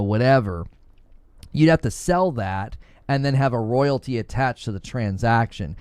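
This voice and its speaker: A man's voice: mid-range voice, a little mellow, no room sound. A man co-hosting a casual gaming news talk show, explaining his view at length in an argumentative way. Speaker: podcast co-host.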